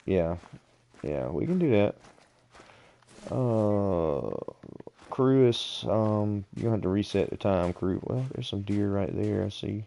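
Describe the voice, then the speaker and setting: A man's voice: fairly low pitch, gravelly, dark tone. A man streaming a hunting game, casually chatting and walking other players through where to go. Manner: unhurried, explains directions to other players. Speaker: gaming streamer. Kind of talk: casual gameplay chat.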